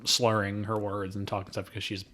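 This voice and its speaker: A man co-hosting a film podcast, retelling scenes in a casual, animated way. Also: fairly low pitch, brisk. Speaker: podcast co-host.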